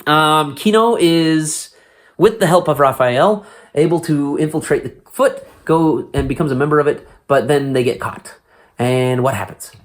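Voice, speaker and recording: A man co-hosting a podcast, retelling a movie plot in a loose, animated way and laughing often. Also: on the high side, a little slow. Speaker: podcast co-host. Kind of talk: casual movie recap chat.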